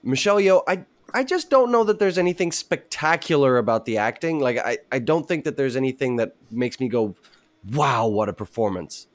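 A man's voice: on the high side, animated, brisk, hardly any pauses. A man on a casual panel discussion, giving emphatic, opinionated takes.

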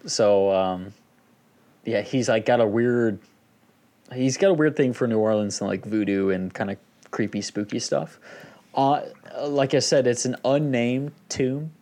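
A man's voice: medium pitch, measured pace, mellow. A man co-hosting a podcast in casual group chat, laid-back and rambling with many fillers. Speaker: podcast co-host.

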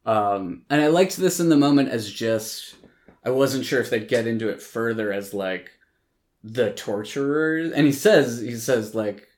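A man's voice: mid-range voice, animated, measured pace, a little mellow. A man hosting a podcast, casually recapping a film in a rambling way, full of likes and ums, with occasional swearing. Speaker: podcast host.

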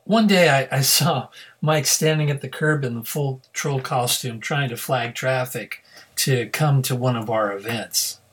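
A man's voice: medium pitch, a little slow, fairly bright tone, reverberant. A man interviewing a guest in a casual, prompting way. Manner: prompting, conversational.

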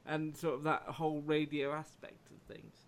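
A man's voice: on the high side, normal speed, vocal fry. A man co-hosting a podcast, chatting casually. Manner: casual, conversational. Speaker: podcast co-host. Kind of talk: casual chat.

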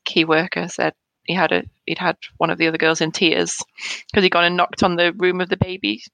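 Mum in her 30s, hesitant, bit of vocal fry, dry close sound. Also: fairly low pitch, flat delivery, no room sound, muffled recording. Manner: hesitant, halting, with soft laughs between thoughts. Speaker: interview guest, bereaved mother. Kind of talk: emotional personal conversation.

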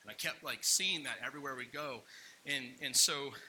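A young adult man telling a personal story as a sermon, acting out what people said in lively asides. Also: mid-range voice, normal speed, slight background noise, low-quality recording. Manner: animated personal storytelling, acts out quotes. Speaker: pastor.

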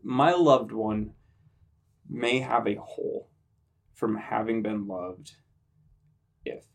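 Slow, gravelly-voiced male host. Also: lowish voice. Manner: slow, halting questions with fillers. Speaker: podcast host. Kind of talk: interviewing a guest.

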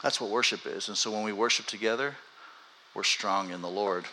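A man preaching a sermon as pastor, swinging between loud emphasis and hushed, earnest stretches. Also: fairly low pitch, a little fast, slight background noise.

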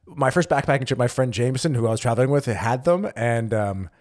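A man's voice: medium pitch, lively intonation, brisk, darkish tone. A man co-hosting a podcast in casual chat, rambling with many fillers and restarts. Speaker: podcast co-host.

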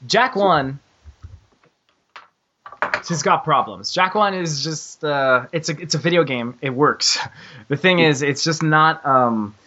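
A man's voice: fairly high pitch, takes it slowly, long pauses, pushed and bright, highs cut off, slight background noise. A man hosting a casual gaming podcast, rambling, laughing often and swearing freely. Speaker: podcast host.

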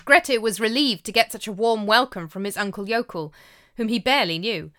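A woman narrating a folk tale in a measured, expressive way. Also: mid-range voice, clear, resonant tone. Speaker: storyteller. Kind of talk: storytelling narration.

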